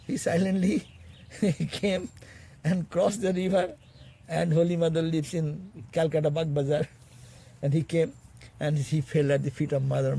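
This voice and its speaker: A monk teaching a spiritual class, telling stories in a halting way and chuckling often. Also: male voice, on the high side, flat delivery, vocal fry, warm tone, husky. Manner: halting, restarts phrases. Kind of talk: storytelling sermon.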